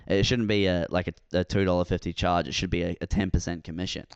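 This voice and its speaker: A man in casual comedic chat, deadpan and halting, with many restarts. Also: deep voice, clear, resonant tone, no room sound, lo-fi sound.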